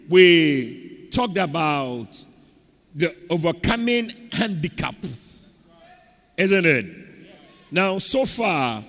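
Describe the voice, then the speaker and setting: A man's voice: high voice, a bit bright. A man preaching a sermon as pastor of a church and calling for amens from the congregation. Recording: echoey church hall.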